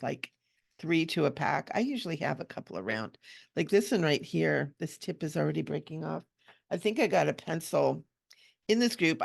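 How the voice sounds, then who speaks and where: A woman with a deep, very gravelly voice talks her way through a coloring session. Her manner is gentle and chatty, and she coos softly over the little details of the picture. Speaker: coloring channel host and hypnotherapist. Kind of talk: relaxed chatty coloring tutorial.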